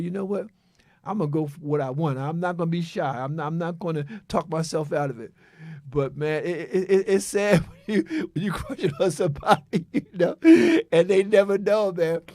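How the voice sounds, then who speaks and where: An older man on a radio chat show, reflecting on his past with real feeling, stumbling and repeating himself as he goes. His voice sits a little high for a man, and the sound is close and dry with no room around it. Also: vocal fry, no echo. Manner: emotional, reflective, stammers and repeats words.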